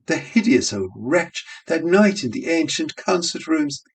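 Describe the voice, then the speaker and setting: A man's voice: on the high side, sing-song, unhurried, distant mic, voice pushed up, heavily acted. A man voicing a prim young barmaid in a raised, girlish voice, squealing protests over tea.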